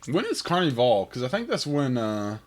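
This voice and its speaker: A man chatting casually as he plays a game, with a rough morning voice, rambling and thinking aloud. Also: mid-range voice, sing-song, normal speed. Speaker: game streamer. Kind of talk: casual gameplay commentary.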